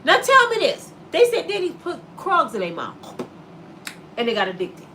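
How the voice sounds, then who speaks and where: A woman's voice: sits high, wildly swooping pitch, moderate pace, pushed and bright, a little hiss or hum. A woman in her fifties who hosts her own vlog and delivers a sassy, preachy comedic rant straight at her viewers. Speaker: vlogger host.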